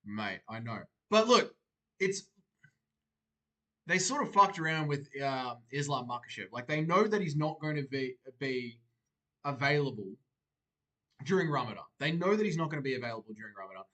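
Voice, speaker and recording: A young man hosting a livestream, reading viewers' comments aloud and answering them in a relaxed, chatty way. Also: medium pitch, normal speed, long pauses. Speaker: livestream host. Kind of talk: casual chat reacting to live chat.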